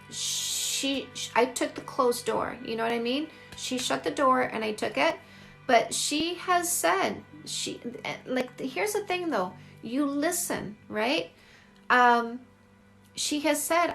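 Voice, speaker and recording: Gravelly-voiced woman in her forties. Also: a little high, a bit bright. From Canada. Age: 40s. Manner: candid, emphatic, repeats phrases. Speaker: dating coach. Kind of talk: livestream chat answering viewer comments.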